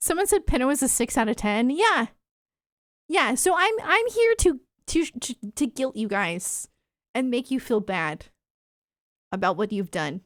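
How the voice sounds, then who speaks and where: A woman's voice: fairly high pitch, lively intonation, unhurried, dry recording, studio quality. A woman streamer chatting with her live chat, playfully mock-offended and laughing often. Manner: soft baby talk to her dog.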